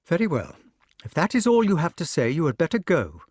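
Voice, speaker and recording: Guy putting on a high proud queen voice, scolds and teases, storybook reading, dry close sound. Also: wildly swooping pitch, fairly quick, slightly rough, no echo, exaggerated voice. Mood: angry. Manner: sharp, scolding, teasing. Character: queen, grown woman, proud and quick-tempered.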